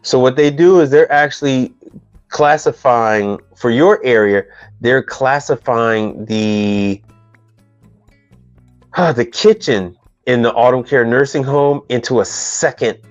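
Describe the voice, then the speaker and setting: A man's voice: medium pitch, takes it slowly, dry recording. A man hosting a casual live stream on business questions, rambling and teasing in loose slang. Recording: dull dry sound with faint music behind.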